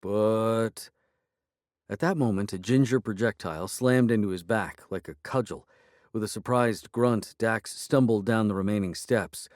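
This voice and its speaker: A man narrating a first-person audiobook in a measured storytelling manner. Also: fairly low pitch, darkish tone, no echo, studio quality.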